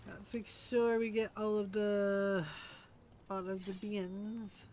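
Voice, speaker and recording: A woman streaming a game, sleepy and yawning through her commentary. She talks at a very slow, unhurried pace and fills the gaps with soft thinking-aloud fillers. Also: medium pitch, level tone, background noise. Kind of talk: casual gameplay commentary.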